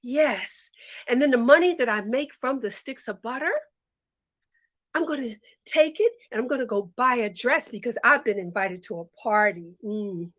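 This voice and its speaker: A woman's voice: a little high, expressive, moderate pace, fairly bright tone. A woman storyteller voicing a vain, daydreaming young milkmaid girl who talks in a giddy, boastful sing-song.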